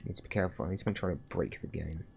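A man's voice: sits low, very fast, creaky, a little mellow, slight background noise. A man chatting casually over a game stream, swearing freely and talking to the characters on screen. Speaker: gaming streamer. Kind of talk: casual let's-play commentary.

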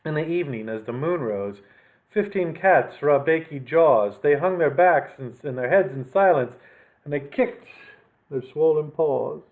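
Role: library story time host. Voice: animated man reading picture books. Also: a little high, measured pace. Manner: warm, animated reading with friendly asides. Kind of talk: picture book read-aloud for children. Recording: lo-fi phone-like sound.

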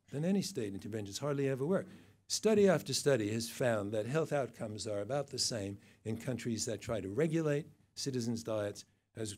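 An older man with a medium-pitched, slightly mellow voice presents at an awards event. His satirical speech to the audience is dry and mocking, sprinkled with wry asides.

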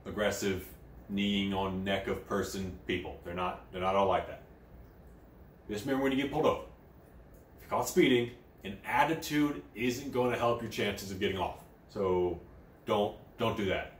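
A man hosting a crude comedy news show while high, rambling and swearing, with sudden loud outbursts. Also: moderate pace, a little hiss or hum. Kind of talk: crude satirical news commentary. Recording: echoey room, mic at a distance.

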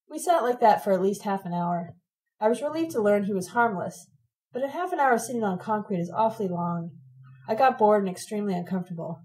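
Brief: woman audiobook reader, first-person letters, steady and plain, mellow tone. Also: medium pitch, a little fast, poor audio.

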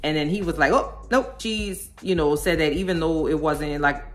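A woman hosting a casual commentary vlog, animated and sassy, talking straight to her viewers. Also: low voice, moderate pace. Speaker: video host reacting to a documentary.

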